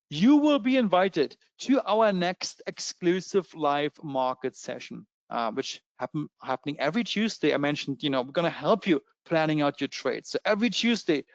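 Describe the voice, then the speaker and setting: A man with a German accent giving a fast, eager sales pitch in a trading webinar, with many fillers. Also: no echo, dull audio. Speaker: webinar presenter.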